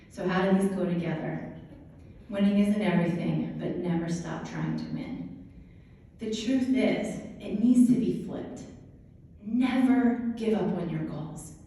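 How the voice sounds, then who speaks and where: Woman, motivational speaker, lively storytelling, slow delivery, distant mic in a roomy hall. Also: medium pitch. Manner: lively storytelling, laughing often. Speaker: speaker telling a personal story. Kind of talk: motivational talk to an audience. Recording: echoey hall from far off, faint noise.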